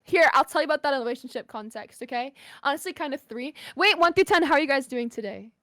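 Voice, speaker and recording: A young woman streamer chatting casually with her viewers and a podcast host, full of quick asides. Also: sits high, animated, bright, forceful tone, no echo, clean studio sound. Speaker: streamer guest. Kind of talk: casual livestream chat.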